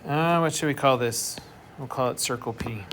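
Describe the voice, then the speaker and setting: A man's voice: mid-range voice, normal speed. Man teaching a math class, noisy room. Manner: explains step by step, asks the class questions. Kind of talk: classroom lecture.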